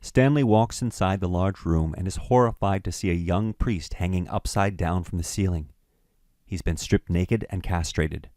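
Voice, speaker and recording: A man narrating a screenplay's stage directions in a measured, matter-of-fact way. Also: deep voice, a little mellow, dry recording, studio quality.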